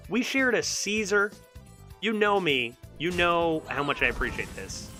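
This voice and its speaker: A man's voice: high-pitched, very animated, a little slow, sharp tone, faint music behind. A young man streaming a card game, talking casually and rambling, repeating words as he goes. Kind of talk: casual live game commentary.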